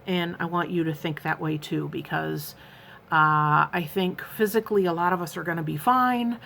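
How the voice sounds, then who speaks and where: An American woman in her fifties speaks candidly in a personal vlog, earnest and rambling, with plenty of fillers and restarts. Her voice is lowish, a little fast, creaky and slightly bright, with fairly even intonation and a bit of background noise.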